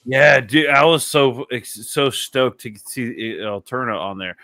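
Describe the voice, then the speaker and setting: A man's voice: mid-range voice, measured pace, pushed and bright, dry recording. A man hosting a casual podcast chat, telling rambling stories full of swearing and laughter. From Texas. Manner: rambling, profane storytelling with frequent laughs. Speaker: podcast host.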